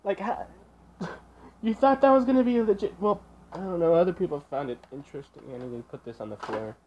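A man's voice: sits high, fairly quick, darkish tone, highs cut off. A man hosting a reaction video, who talks in a sarcastic, exasperated way and swears often. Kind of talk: casual reaction commentary.

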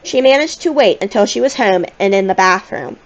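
A woman reading a children's novel aloud in a gentle, expressive storytelling manner. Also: mid-range voice, fairly quick, highs cut off. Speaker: audiobook reader.

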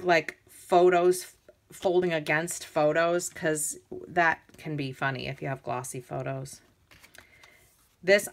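Woman, lower register, casual enthusiastic crafting show-and-tell, loose and chatty. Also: a bit bright. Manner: chatty and enthusiastic, with fillers and restarts. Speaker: crafter demonstrating a scrapbook album.

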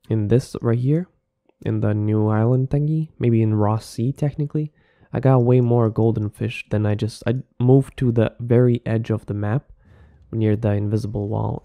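Young man, gaming vlog recap, rambling and laid-back, dry close sound, gravelly. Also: lowish voice, dark tone, no room sound. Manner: rambling, laid-back, says "dude" a lot. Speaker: gaming vlogger.

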